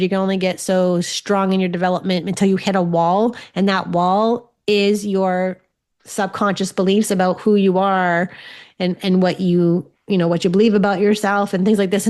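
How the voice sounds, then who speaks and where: A woman's voice: medium pitch, a little mellow. A woman in her forties hosting a podcast as a spiritual medium. She tells stories in a chatty, casual way and swears freely. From Ontario, Canada. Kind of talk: casual solo podcast chat.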